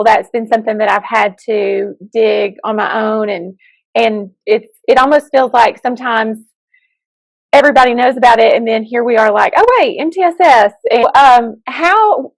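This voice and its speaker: A woman's voice: fairly high pitch, vocal fry, no echo, poor audio. A woman co-hosting a casual interview over a video call, enthusiastic and teasing, effusive in her praise. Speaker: co-host, school counselor.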